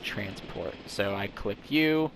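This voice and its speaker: A man's voice: lowish voice, expressive, takes it slowly, a bit bright, slight background noise. Rambling man narrating gameplay. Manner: rambling, self-interrupting, enthusiastic. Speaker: gaming channel host. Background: game music.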